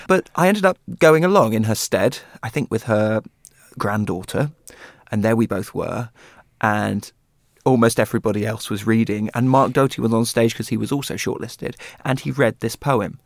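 A man's voice: on the low side, normal speed, gravelly, dry recording, clean studio sound. A man chatting as a guest, telling an enthusiastic story about a book. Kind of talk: casual chat.

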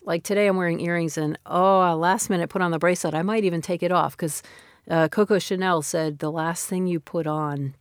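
A woman's voice: low voice, no echo, studio quality. A woman in her fifties, a novelist speaking in an interview, talking in a thoughtful, reflective, conversational way. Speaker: novelist guest.

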